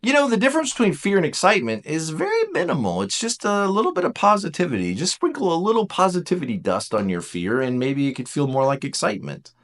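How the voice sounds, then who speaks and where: A man gives a relaxed, jokey lecture, his voice sitting a little high and full of lively, animated swings. He slips in playful voices as he teaches. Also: quick pace, hardly any pauses. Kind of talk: casual lecture.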